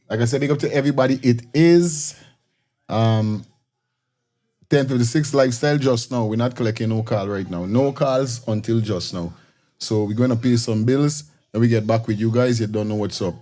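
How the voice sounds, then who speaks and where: A man's voice: medium pitch, moderate pace, dark tone. A man hosting a casual call-in talk show, easygoing and stumbling over repeated words. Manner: easygoing, stammers and repeats himself.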